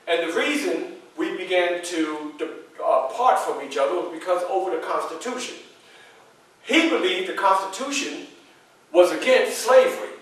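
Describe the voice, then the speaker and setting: High-voiced guy doing a first-person history show, super echoey room, mic way off. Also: far from the mic. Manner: lively storyteller addressing the audience. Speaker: historical reenactor. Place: public library event room.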